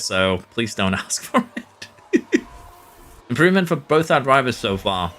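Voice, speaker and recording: A man's voice: medium pitch, sing-song, measured pace, long pauses, fairly bright tone. A Norwegian man, a streamer, chatting casually with his live audience while playing, answering chat and chuckling often. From Norway.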